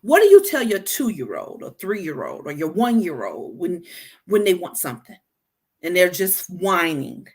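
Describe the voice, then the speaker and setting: Animated woman giving relationship advice. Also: lowish voice, a little slow, breathy edge. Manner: animated, repeats words and restarts often; addresses listeners directly. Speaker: podcast host. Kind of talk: casual advice talk.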